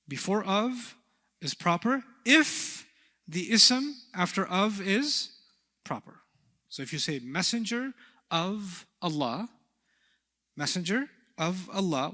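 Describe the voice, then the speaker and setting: A man teaching an Arabic grammar class, animated and playful, often asking his students questions. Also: high voice. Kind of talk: classroom lecture. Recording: long hall reverb.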